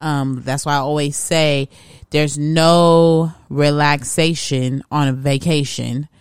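A woman's voice: low voice, steady tone, slow, smooth, dry recording, clean studio sound. A woman co-hosting a podcast in laid-back, chatty casual conversation. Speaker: podcast co-host. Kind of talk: casual chat.

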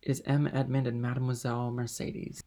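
A man's voice: mid-range voice, level tone, quick pace, dark tone, close to an everyday voice. A man voicing a jealous, brooding young man, sullen and curt in manner.

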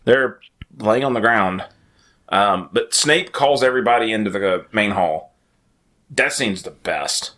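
A man co-hosting a podcast, talking casually and jokingly about a film and acting out lines in loud put-on voices. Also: fairly low pitch, measured pace. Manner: animated, jokey, acts out lines in loud voices. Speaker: podcast co-host. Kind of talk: casual movie chat. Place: house.

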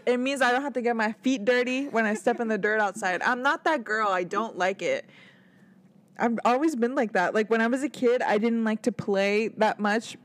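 A woman's voice: fairly high pitch, fairly bright tone. A young woman co-hosting a podcast, chatting candidly with blunt jokes and casual swearing. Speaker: podcast co-host. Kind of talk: casual chat.

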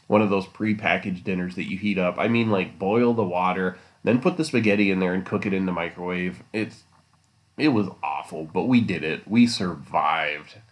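A man's voice: low-pitched, moderate pace. A man hosting a solo podcast, rambling casually and teasing his listeners with jokes. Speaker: podcast host.

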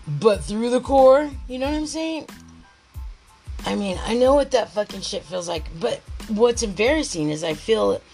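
A woman's voice: a little high, expressive, normal speed, a little mellow, faint music behind, poor audio. A woman podcast host in a rambling, heated monologue, swearing constantly and restarting her thoughts.

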